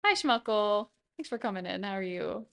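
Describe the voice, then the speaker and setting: A woman's voice: medium pitch, lively intonation, normal speed, vocal fry, clear, resonant tone. A young woman from New York State chatting casually with viewers on a live stream while she paints, laughing often and muttering to herself. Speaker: livestreamer.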